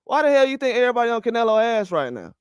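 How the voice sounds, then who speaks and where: An older man rants heatedly about boxing, swearing often and firing the same questions again and again. His voice sits high and sounds smooth and clear. The recording is dry, with no room sound. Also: very animated, very fast, no room sound. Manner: fired up, profane, repeats rhetorical questions. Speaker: boxing commentary host. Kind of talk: heated opinion rant.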